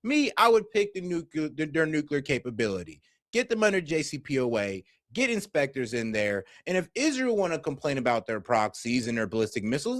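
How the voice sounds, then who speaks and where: A man doing casual political reaction commentary, animated, slangy and profane, talking straight to his viewers. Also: fairly high pitch, a little fast, no room sound, clean studio sound.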